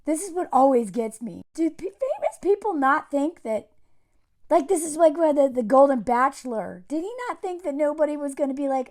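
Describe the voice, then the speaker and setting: A woman's voice: high-pitched, sing-song, normal speed, darkish tone. A woman giving casual, sarcastic video commentary, exasperated and mocking as she talks. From United States. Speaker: commentary vlogger.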